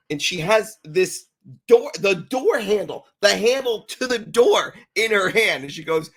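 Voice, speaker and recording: A man co-hosting a business podcast tells stories in casual chat. His voice sits a little high and swings widely in pitch as he acts out the people in his anecdotes. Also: animated, unhurried, fairly bright tone. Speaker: podcast co-host.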